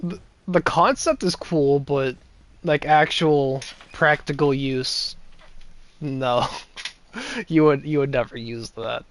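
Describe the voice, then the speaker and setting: A man's voice: medium pitch, takes it slowly. A young man giving casual, rambling gameplay commentary with sarcastic asides and chuckles. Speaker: gameplay streamer.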